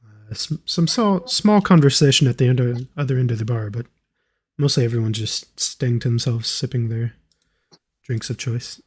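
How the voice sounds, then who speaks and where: A man narrating as game master in a tabletop role-playing game, in a relaxed, casual way. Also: mid-range voice, normal speed, breathy edge.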